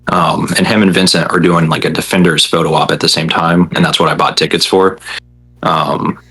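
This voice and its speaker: A man's voice: sits low, level tone, brisk, fairly bright tone, slight background noise, poor audio. A young man, a podcast guest, chatting casually with a rambling, hesitant manner full of fillers. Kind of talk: casual chat.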